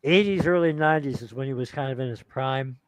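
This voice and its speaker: A man's voice: mid-range voice, fast, clean tone, dry recording. Laid-back male stream guest sharing trivia. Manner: laid-back, trades trivia in short replies. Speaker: guest on a livestream. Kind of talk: casual fan chat.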